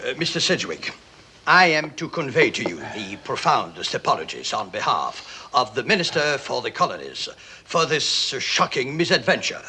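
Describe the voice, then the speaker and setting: An actor playing a stiff, haughty French colonial governor in a 1950s film, speaking formally and with disdain. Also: male voice, mid-range voice, big pitch swings, moderate pace, bright, forceful tone, slight background noise.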